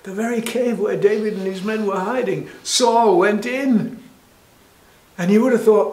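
A man telling a Bible story to children in a lively, animated way, with frequent restarts. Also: sits high, a little slow. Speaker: church storyteller. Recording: echoey room.

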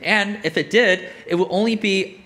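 A man's voice: high-pitched, moderate pace, bright, forceful tone. A man preaching a sermon as a pastor, in a casual, conversational way with frequent "like" and "right?".

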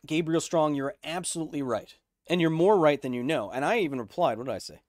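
A man in his thirties hosting a live stream, reading chat questions aloud and explaining science in an energetic way. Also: fairly high pitch, quick pace, no room sound, clean studio sound. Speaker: host.

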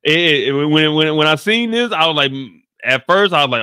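A man hosting a casual TV recap, animated and slangy, often laughing. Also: medium pitch, a little fast, clear, resonant tone, no echo, studio quality. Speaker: show recap host. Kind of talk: casual commentary.

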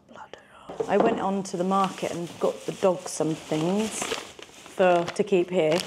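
A woman's voice: fairly low pitch, background noise. A woman, chatting in a bubbly, self-mocking way as she vlogs her day. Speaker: vlogger. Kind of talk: casual vlog chat. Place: shops and office, in and out.

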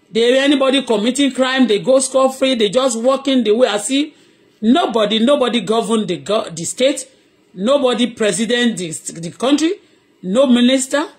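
A woman's voice: high voice, husky. Middle-aged Nigerian woman, Yoruba her first language, hosting live audio; rambling, heated rant that switches between Yoruba and English. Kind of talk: impassioned live audio commentary.

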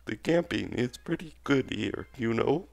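A man doing a slow gravelly robot frog. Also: medium pitch, lively intonation, faint music behind, pitched above the performer's own voice. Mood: robotic. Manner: breathy, as if out of breath. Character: jock robot frog villager, gruff and blunt.

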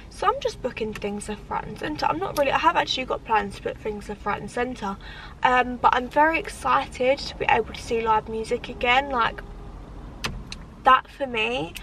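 A woman's voice: fairly high pitch, fairly bright tone, a little hiss or hum. Chatty tired young woman. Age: 20s. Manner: chatty, rambling, many fillers. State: tired, yawning. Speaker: vlogger. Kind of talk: casual vlog chat to camera. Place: outdoors at a shopping area.

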